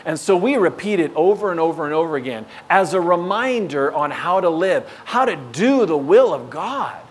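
High-voiced man preaching animated stories. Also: moderate pace, slight background noise. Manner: animated storytelling, acting out scenes. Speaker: pastor. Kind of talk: sermon.

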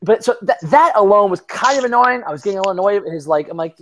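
A man's voice: high voice, expressive, racing, fairly bright tone. A young man co-hosting a casual sports podcast, rambling and profane, with lots of fillers and restarts. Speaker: podcast co-host.

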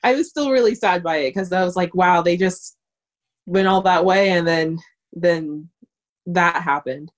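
Expressive woman in casual film chat. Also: on the low side, a little slow, dull audio.

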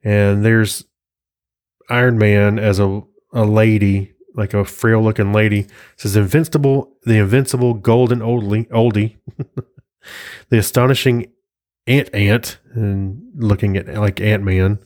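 Low-voiced man rambling through a podcast. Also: steady tone, slow, a little mellow. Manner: rambling, chuckling, reads captions aloud while flipping pages. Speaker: podcast host. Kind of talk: casual solo podcast chat.

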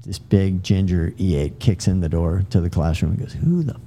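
A man's voice: low-pitched, steady tone, moderate pace, dark tone. A middle-aged man, a military veteran guest, telling long casual anecdotes full of fillers and restarts. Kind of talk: casual storytelling.

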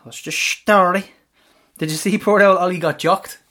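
A man with an Irish accent co-hosting a casual football podcast, quick and joking, swearing freely. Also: high voice, fairly even intonation, sharp tone. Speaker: podcast co-host.

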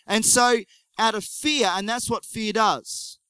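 High, smooth-voiced male preacher. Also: slow, no room sound, poor audio. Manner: animated storytelling with joking asides. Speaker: pastor. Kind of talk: conversational sermon.

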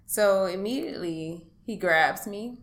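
A woman speaking in an interview, giving a personal account in a halting, hesitant way with many pauses and restarts. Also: mid-range voice, expressive. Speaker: interview guest.

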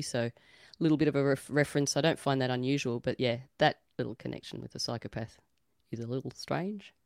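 A man chats on a casual podcast panel, thinking aloud in a tentative way and laughing easily. His voice is smooth and clear. The recording is close and dry. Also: medium pitch, darkish tone, dry recording.

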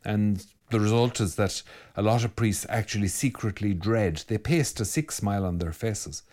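An Irish priest talks straight to his listeners, reading out their comments and answering them frankly. His voice sits on the low side for a man. He speaks with animated emphasis and doesn't soften his opinions. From Ireland. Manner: blunt, animated, reads comments aloud then answers them.

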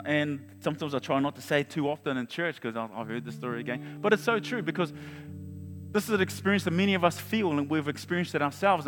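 Animated male preacher in a reverberant church. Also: a little high. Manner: animated, storytelling, restarts and chuckles. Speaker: pastor. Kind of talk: sermon with personal story. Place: large church hall. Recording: long hall reverb with faint guitar.

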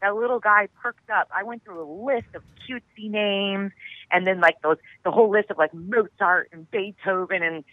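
A woman guest on a radio show, telling stories in an animated way and acting out the quotes with laughter. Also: mid-range voice, normal speed, no echo, narrow, tinny audio. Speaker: guest actress. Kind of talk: casual radio interview chat.

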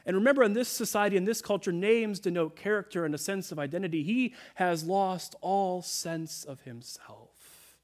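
The pastor, a man whose voice is pitched a touch above most men's, preaches earnestly from a church sanctuary, softening into a slow hush whenever he voices a quotation.

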